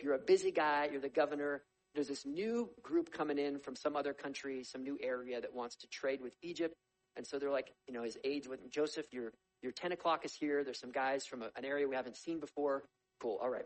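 A man preaching a sermon, reading scripture aloud and explaining it in a conversational, animated storytelling way. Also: medium pitch, a little fast, rough recording. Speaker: pastor.

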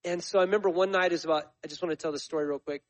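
A man's voice: fairly high pitch, fairly even intonation, rapid-fire, poor audio. A man in his forties, a missionary speaking to his church in a conversational, storytelling sermon full of fillers and restarts. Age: 40s. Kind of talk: sermon testimony.

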